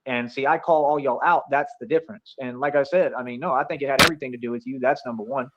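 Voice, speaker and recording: A man rants quickly on a livestream, boastful and accusatory, circling back over the same points. His voice has a middling pitch and comes through slightly muffled stream audio. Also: steady tone, very noisy. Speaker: streamer being reviewed. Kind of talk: rambling livestream rant.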